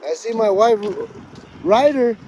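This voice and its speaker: A man with a high, mellow voice rambles slowly through a comic monologue, swearing freely and slipping in Spanish slang. He is outdoors on a walk. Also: animated, a little hiss or hum. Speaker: vlogger.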